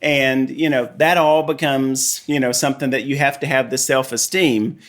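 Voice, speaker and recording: Relaxed Southern man telling stories. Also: medium pitch, moderate pace. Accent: Tennessee Southern. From Tennessee. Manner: relaxed storyteller, many you-knows. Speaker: artist and guest. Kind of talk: casual interview chat.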